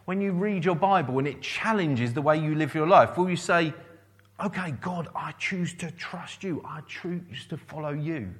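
A man delivering a sermon in an earnest preaching manner. His voice sits a little higher than most men's. He quotes scripture and repeats key phrases for emphasis.

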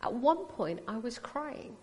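A woman preaching a personal testimony, her voice pitched a little high and carried by a long reverb. She speaks earnestly and breaks off now and then for brief apologetic asides. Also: big pitch swings, unhurried, a little mellow. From raised Sikh. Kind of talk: sermon testimony. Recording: hall reverb.

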